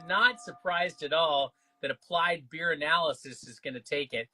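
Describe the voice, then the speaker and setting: A man hosting a live comic book sale stream, upbeat and full of quick banter. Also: fairly high pitch, bright, forceful tone, soft background music. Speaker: livestream auction host. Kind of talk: live sales stream chatter.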